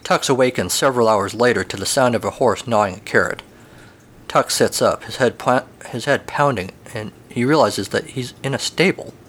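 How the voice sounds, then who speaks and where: A man narrating a comic story in a wry, deadpan manner. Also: mid-range voice, normal speed.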